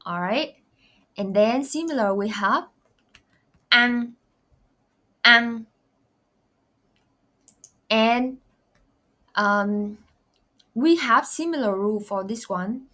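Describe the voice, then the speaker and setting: A woman's voice: mid-range voice, expressive, slow, long pauses, a bit bright. A woman with a Vietnamese accent, a native Vietnamese speaker, teaching pronunciation, carefully modeling sounds and repeating them. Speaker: language teacher. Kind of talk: pronunciation lesson.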